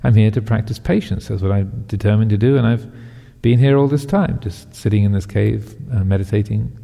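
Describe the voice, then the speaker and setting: A serene, humble hermit yogi, as a male storyteller puts him on, speaking gently and staying unbothered. The voice is deep, gravelly and dark, and a long hall reverb hangs on every word. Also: fairly quick. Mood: calm.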